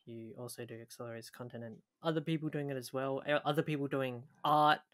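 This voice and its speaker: Man from Australia, podcast guest, bright voice, rambling and laughing. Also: mid-range voice, steady tone, fast talker. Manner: laughing, rambling, stumbles over words. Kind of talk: casual podcast interview.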